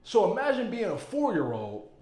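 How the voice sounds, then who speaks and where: A man giving casual, emphatic movie commentary, excitable and full of profanity. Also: high-pitched, normal speed. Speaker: movie reviewer. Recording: roomy echo.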